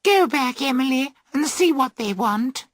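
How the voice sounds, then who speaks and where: A man voicing giddy young women towing a boat in a storybook reading, in a high, shrill, excited voice. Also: a little slow, no room sound, studio quality, exaggerated voice.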